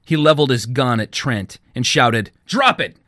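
A man, the author, reading his own fiction aloud in a measured storytelling manner. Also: mid-range voice, fairly bright tone, dry recording, studio quality. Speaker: author and narrator.

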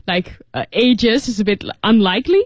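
A woman's voice: medium pitch, moderate pace, dry recording. A woman co-teaching English in a radio studio, explaining words in a loose, casual way full of filler words.

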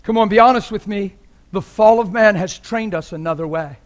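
A man preaching as a visiting preacher in a church, passionate and joking, often laughing mid-sermon, sometimes quiet and sometimes loud. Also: high voice, moderate pace.

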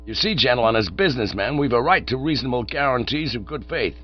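An eager small-town American booster who talks like a salesman, as a male storyteller puts him on. He runs higher and brighter than the narration, with bouncy pitch, and the recording sounds dull, with a low hum behind it. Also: expressive, quick pace, lightly acted. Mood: hearty.

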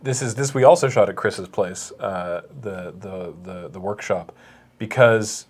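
A man's voice: fairly low pitch, measured pace, breathy edge. A man hosting a casual chat, telling stories animatedly and laughing often. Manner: animated storytelling with acted quotes and laughs. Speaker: podcast host.

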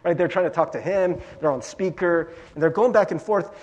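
A male pastor giving a conversational sermon, animated and chatty, peppering his talk with "like" and "right?". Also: high voice, a little fast, muffled recording.

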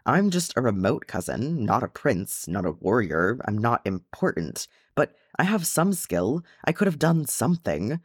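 A man voicing a brash, earnest young male dwarf in a storybook reading, speaking with raised, impassioned pitch. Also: big pitch swings, unhurried, hardly any pauses, husky, no echo, studio quality. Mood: anguished.

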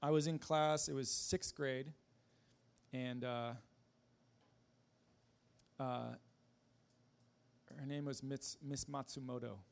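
A man giving a personal testimony in a casual, halting way, with many fillers, restarts and self-deprecating laughs. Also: mid-range voice, level tone, creaky.

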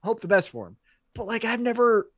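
High-voiced man, blunt podcast co-host. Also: brisk, no room sound. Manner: blunt, swears, animated storytelling. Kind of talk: casual chat.

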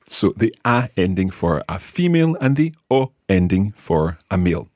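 Scottish guy teaching a lesson, real low husky voice, super lively up and down. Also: moderate pace, dry recording, clean studio sound. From Scotland. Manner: patient, clear, modelling words for learners. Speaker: language teacher. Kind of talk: podcast language lesson.

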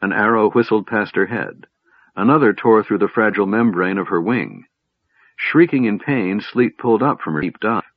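A man reading a fantasy novel aloud as a narrator, in a measured storytelling manner. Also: fairly low pitch, breathy edge, no room sound. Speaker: audiobook narrator. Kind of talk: scripted narration with character voices. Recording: dull, lo-fi, dry sound.

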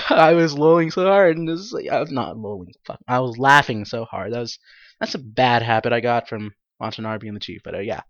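A young adult host giving a casual solo podcast monologue, excitable and rambling, laughing often and swearing freely. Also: mid-range voice, normal speed, dry recording. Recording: dull lo-fi dry recording.

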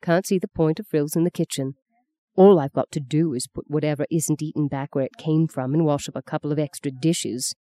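A woman's voice: sits low, steady tone, fairly quick, mellow, lightly acted. A woman doing a cheeky, blunt young woman. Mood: defiant. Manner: flippant, terse.

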